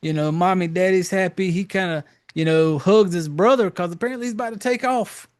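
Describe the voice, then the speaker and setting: Briskly, a podcast host tells the plot of a horror film in a loose, meandering recap, swearing and filling gaps with filler words. His voice sits a little high for a man.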